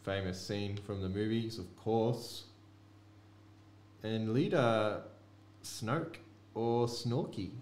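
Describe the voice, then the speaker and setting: A man's voice: fairly low pitch, slow pace, pauses often, a little mellow. A man hosting a card break, chatting offhandedly to viewers as he opens packs. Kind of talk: casual card-break commentary. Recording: echoey room with faint noise.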